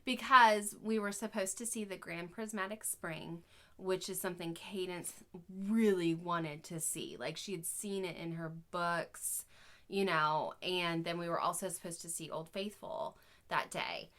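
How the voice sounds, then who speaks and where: Her voice lowish, pushed and bright, this woman in her thirties co-hosts a family podcast and speaks in an unhurried way. She keeps things chatty and casual, laughing frequently and opening up about her feelings.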